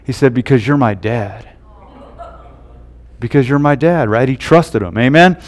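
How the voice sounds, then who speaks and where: A man's voice: a little high, clean tone. A male pastor preaching a sermon who keeps tagging his points with "right?" and "amen?". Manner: tags lines with "right?" and "amen?".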